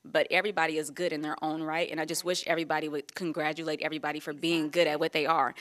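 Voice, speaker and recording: A woman with a low, deep-set voice talks openly about her work as a pole dancer. She is lively and frank in a relaxed interview and laughs easily. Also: very fast. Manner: lively, laughs often, candid. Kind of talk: casual interview chat.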